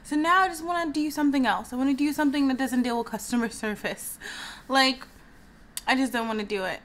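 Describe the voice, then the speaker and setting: Young woman, higher-pitched, casual vlog chat, venting and sighing. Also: a little fast, fairly bright tone. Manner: venting, chatty, heavy use of "like", frequent sighs. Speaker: vlogger.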